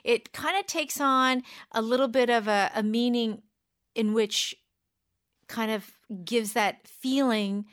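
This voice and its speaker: Slightly high-voiced woman teaching English. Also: takes it slowly, fairly bright tone. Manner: explains patiently, mimics intonation. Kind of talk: casual radio English lesson.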